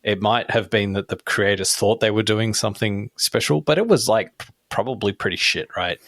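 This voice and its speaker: A man's voice: on the low side, moderate pace, fairly bright tone, no echo, clean studio sound. A middle-aged man co-hosting a podcast in casual chat, rambling with many restarts and "right?" tag questions. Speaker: podcast co-host.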